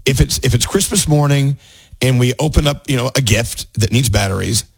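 A man's voice: medium pitch, brisk, breathy edge, dry recording. A man hosting a radio show, joking and laughing with his co-hosts and a caller. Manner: animated, laughing, playful. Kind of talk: casual morning radio banter.

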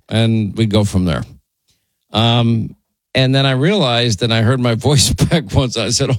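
A man with a New York accent banters and teases on a talk radio show. His voice sits at a middle pitch, and the studio sound is dry and close, with no room echo. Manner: teasing, quick back-and-forth. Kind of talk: casual on-air banter.

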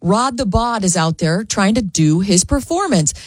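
A woman co-hosting a talk show, retelling news in an animated, opinionated way. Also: mid-range voice, moderate pace, dry recording. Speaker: show co-host. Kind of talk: casual chat.

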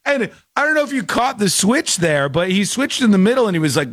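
40s guy host, lively swooping voice, riffing in disbelief, super dry sound. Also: sits high, a little fast, hardly any pauses, dry recording. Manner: incredulous, joking, animated. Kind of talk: casual commentary.

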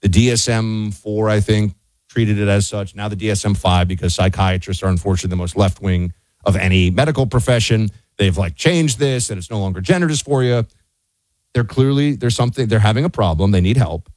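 A man's voice: fairly low pitch, fairly quick, a little mellow, no echo. Guy ranting on talk radio, sarcastic, dry close mic. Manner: emphatic, sarcastic, argumentative. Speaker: radio show co-host. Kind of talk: opinionated talk radio commentary.

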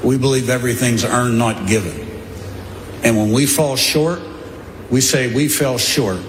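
A man's voice: mid-range voice, a little slow, slight background noise. A man, a head football coach, giving blunt, defiant remarks at a media day press session, with many fillers. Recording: echoey hall with faint ambience.

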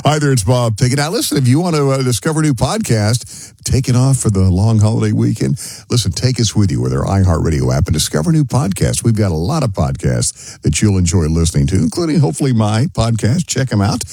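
Husky, mellow-voiced male radio DJ. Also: medium pitch, big pitch swings, a little fast, no room sound. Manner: chatty, folksy asides. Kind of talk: casual radio presenting.

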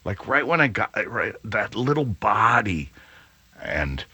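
A middle-aged man hosting a radio show, telling a rambling story with many fillers and an animated, booming way of talking. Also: takes it slowly, slightly rough, no echo. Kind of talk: storytelling chat.

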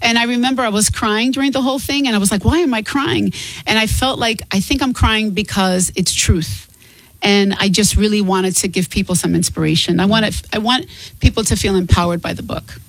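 A woman's voice: medium pitch, a little fast, dry recording, low-quality recording. Earnest woman on dry studio mic. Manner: earnest and open, laughs easily. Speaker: guest author. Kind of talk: candid interview conversation.

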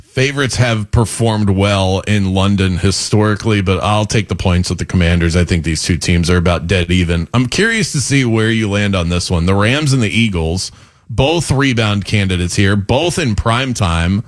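A man co-hosting a sports betting show, giving his picks in quick, confident casual chat. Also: lowish voice.

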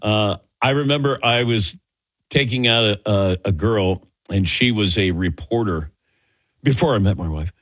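A man's voice: fairly low pitch, measured pace, no room sound. A middle-aged man from the American Midwest hosting a sports radio show, joking and laughing easily as he tells stories. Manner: jokey, laughs easily, animated storytelling.

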